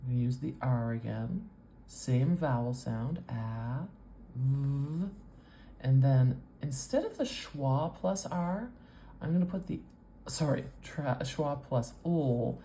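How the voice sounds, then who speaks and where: A woman with a North American accent, teaching as a speech coach with patient explanations and drawn-out sound demonstrations. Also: a bass voice, lively intonation, mellow, a little hiss or hum. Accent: North American English. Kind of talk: teaching with a whiteboard demo.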